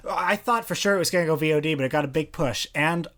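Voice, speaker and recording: A man's voice: on the high side, fast talker, a bit bright. A man co-hosting a film podcast, chatting casually with wry, dry jokes. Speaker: podcast co-host.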